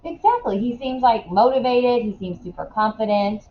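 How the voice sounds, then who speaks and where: A woman teaching a classroom lesson in a casual way, asking quick questions and often checking in with "right?". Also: fairly high pitch, highs cut off, a little hiss or hum.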